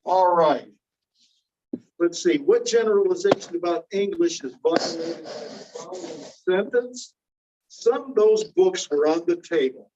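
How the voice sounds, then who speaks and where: A man's voice: a little high, animated, unhurried, dark tone, muffled recording. A man teaching a grammar class, patiently calling on students by name and explaining parts of speech.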